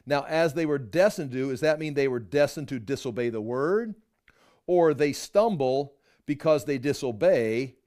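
A man's voice: mid-range voice, a little mellow. A middle-aged man teaching a Bible study, reading verses aloud and explaining them line by line. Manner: explains verses, reads scripture aloud and comments.

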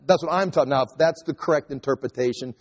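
Male pastor, high voice, chatty sermon with restarts, long hall reverb. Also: fast, slightly rough. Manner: conversational, repeats and restarts, acts out inner voices.

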